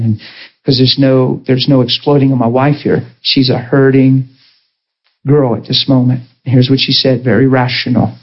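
Husky guy preaching, kinda high voice, swings up and down telling his story, dull muffled sound. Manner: passionate storytelling, voice swinging between high and low. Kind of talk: sermon.

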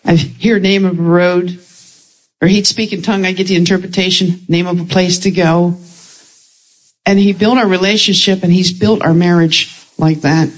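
A woman, the preacher's wife, adding an earnest and halting testimony to the sermon. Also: fairly low pitch, fairly even intonation, poor audio.

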